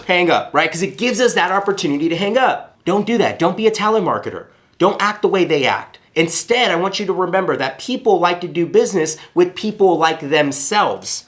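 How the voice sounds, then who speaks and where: A man's voice: sits high, expressive, moderate pace, fairly bright tone. A man giving a sales lesson straight to his viewers. He talks in short, punchy bursts and leans hard on each point, coming back to it again and again. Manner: emphatic, punchy, repeats key points. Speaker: sales coach. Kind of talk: coaching talk to camera.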